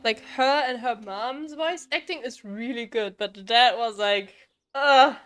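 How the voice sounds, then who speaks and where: A woman's voice: a little high, measured pace, fairly bright tone, faint music behind. A young woman streaming a game live, chatting casually and rambling with frequent laughs.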